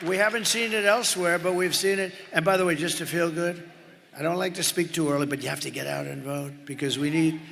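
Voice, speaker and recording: A political candidate gives a rambling, boastful rally speech in a large indoor arena, tossing off-the-cuff asides to the crowd. His voice is a little high, steady, slightly fast, creaky and a bit bright. Long arena reverb and crowd noise carry a cheering crowd behind him.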